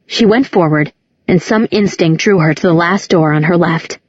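A woman narrating a novel aloud as an audiobook narrator, in a measured, even reading. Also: on the low side, breathy edge. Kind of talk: scripted narration. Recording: dull lo-fi audiobook recording.

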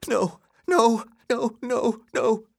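A shrill, sobbing terrified boy. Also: drawn-out words, creaky, husky, dry recording, clean studio sound, full character voice. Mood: desperate pleading. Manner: shrill pleading cries, sobbing. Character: terrified teenage boy begging, desperate.

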